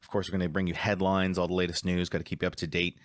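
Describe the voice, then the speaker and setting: Low-voiced guy hosting a podcast, laid back and kinda rambly, dry close sound. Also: little pitch movement, racing, dry recording. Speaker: podcast host. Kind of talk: casual podcast chat.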